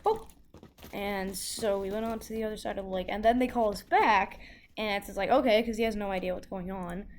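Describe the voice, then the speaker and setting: A woman tells a story in a loose, rambling way, with lots of "like" and false starts. Her voice sits at an ordinary middle pitch. A faint hiss runs underneath. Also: fairly even intonation, a little fast, darkish tone. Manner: rambling, full of "like" and restarts. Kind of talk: casual storytelling.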